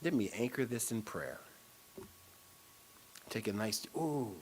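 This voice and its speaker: A man's voice: lowish voice, animated, slow, a little hiss or hum. A man preaching a sermon in a church, leading affirmations and prayer with repeated phrases. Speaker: spiritual speaker.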